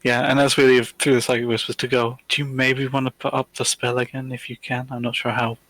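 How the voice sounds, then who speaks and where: A man's voice: mid-range voice, flat delivery, brisk, a bit bright. A man playing a tabletop game, talking in an easygoing, chatty way. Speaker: player. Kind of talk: casual tabletop play.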